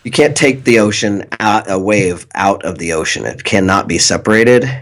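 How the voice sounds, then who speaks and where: A man's voice: lowish voice, normal speed. A man in casual conversation, musing reflectively on spiritual ideas and laughing often. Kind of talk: casual chat.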